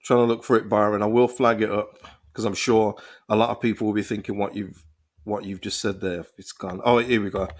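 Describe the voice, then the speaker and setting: A young man hosting a casual football live stream, reading viewers' comments and reacting with animated, restart-filled talk. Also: lowish voice, a little fast. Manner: animated, thinks aloud with frequent restarts and repeated words. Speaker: football channel host reading live chat.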